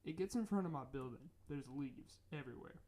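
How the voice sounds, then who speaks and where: A young man from North Carolina, co-hosting a podcast and telling a rambling, animated ghost story with lots of restarts. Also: a little high, a little fast. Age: young adult. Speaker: podcast co-host. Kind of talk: casual chat, storytelling.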